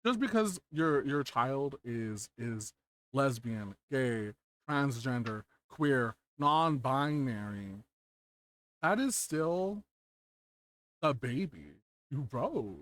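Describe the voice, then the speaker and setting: A man's voice: medium pitch, big pitch swings, slow pace, fairly bright tone. A man hosting an interview chat, earnest and emphatic, repeating key words for weight. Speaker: host.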